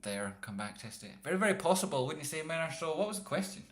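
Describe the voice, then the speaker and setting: A man's voice: on the high side, very animated, fast talker, a bit bright. A man streaming live chart analysis, rambling and jokey with some profanity. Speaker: trading streamer.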